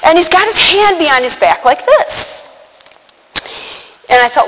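A woman telling a personal story to an audience, animated, acting out the quotes and laughing often. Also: a little high, brisk, long pauses. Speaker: religious speaker. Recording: long hall reverb, faint noise.

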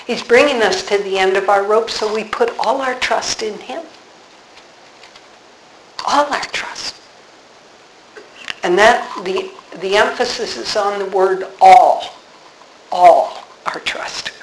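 An older woman, a religious sister, teaching on scripture in an earnest, unhurried way, reading verses slowly and dwelling on key words. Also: mid-range voice, echoey room, a little hiss or hum, rough recording. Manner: reads scripture slowly, then speaks with earnest conviction.

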